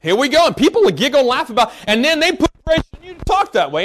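Male preacher, very high voice, emphatic, scolding sermon, bursts into shouts. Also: big pitch swings, fast talker, hardly any pauses, background noise.

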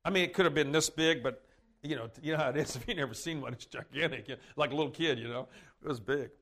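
A man's voice: fairly high pitch, fast talker, pushed and bright. A man preaching, telling rambling folksy stories and laughing along at them. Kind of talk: sermon storytelling.

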